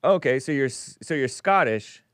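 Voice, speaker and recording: A man's voice: mid-range voice, animated, normal speed, a bit bright, smooth, no echo, clean studio sound. A middle-aged man hosting a call-in show, chatty and curious, asking his caller lots of questions. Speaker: host. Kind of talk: casual call-in chat.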